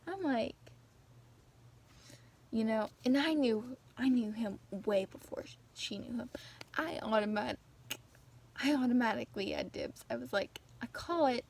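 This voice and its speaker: A teenage girl rants casually about her friends. She talks in an unhurried way, with a gravelly, fry-laden voice. She rambles and gossips, with plenty of restarts and asides. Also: on the high side, expressive, a little mellow. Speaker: vlogger. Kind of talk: casual rant.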